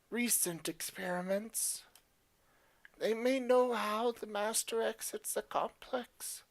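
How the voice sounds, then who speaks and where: A woman's voice: fairly high pitch, voice pushed up. Woman doing a weary dying creature. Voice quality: solemn, archaic speech. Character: weary dying experiment, begging for rest.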